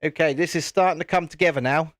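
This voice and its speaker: A man's voice: fairly high pitch, fast, fairly bright tone, dry recording. A man hosting a casual live stream, chatting and laughing while he builds, with mild swearing and frequent restarts. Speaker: host.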